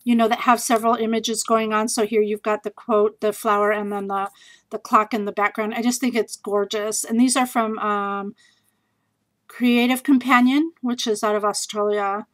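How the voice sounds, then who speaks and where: A woman casually chatting in a home video as she shows off scrapbooking supplies she bought, bubbly and gushing, with lots of fillers and quick asides. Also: medium pitch, level tone, poor audio. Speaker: scrapbooking vlogger showing a craft haul. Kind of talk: casual haul video chat.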